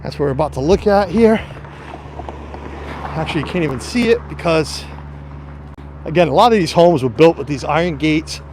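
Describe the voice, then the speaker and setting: A man's voice: fairly high pitch, lively intonation, moderate pace, pauses often, a little mellow, a little hiss or hum. A man live-streaming a walking tour outdoors, chatting to his viewers as he goes. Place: outdoors on a quiet street and mansion grounds. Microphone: phone or camera on a tripod.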